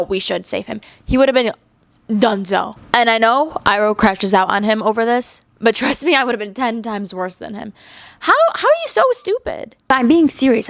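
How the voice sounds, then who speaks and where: A woman's voice: medium pitch, vocal fry, dry recording. A young woman hosting her channel, ranting animatedly about a cartoon show with exasperated jokes. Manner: animated, exasperated, joking rants. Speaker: channel host. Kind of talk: casual fan commentary.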